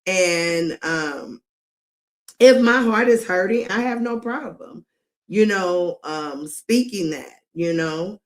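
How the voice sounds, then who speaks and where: Middle-aged woman streamer doing live commentary, slow and drawn out, big emphatic delivery, laughs a lot. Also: on the low side, lively intonation.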